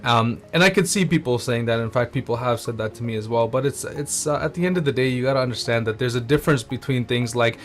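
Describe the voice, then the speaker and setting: A man who is a wedding photographer, talking as an interview guest in an agreeable, relaxed way with fillers. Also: mid-range voice, fast talker, hardly any pauses, soft background music. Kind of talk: casual interview chat.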